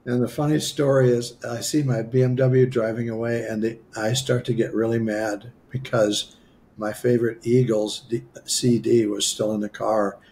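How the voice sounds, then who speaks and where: A man with a gravelly, fry-tinged voice sits as the guest in an interview and tells his story with animation. He acts out each line of dialogue and pokes fun at himself as he goes. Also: medium pitch, normal speed, a little hiss or hum. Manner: animated, acts out quoted dialogue, self-mocking humor. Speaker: guest healer.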